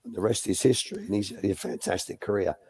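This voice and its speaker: A former youth coach, now older, shares stories at a live Q&A, talking fast in a low, slightly mellow voice with a breathy edge. He's talkative, keeps restarting his sentences, and performs the quotes he recalls.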